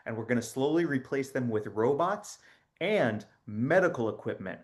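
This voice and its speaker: A man playing a chipper, rambling spokesman for a spy agency in a satirical comedy monologue, offhand and deadpan with many fillers. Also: medium pitch, normal speed, close to an everyday voice. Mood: cheerfully deadpan.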